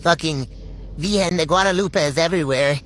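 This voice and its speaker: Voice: medium pitch, a little fast, fairly bright tone, a little hiss or hum. A young adult from Puerto Rico telling a story to camera in a rambling, swearing, filler-heavy way. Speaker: TikTok storyteller. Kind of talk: casual storytime monologue.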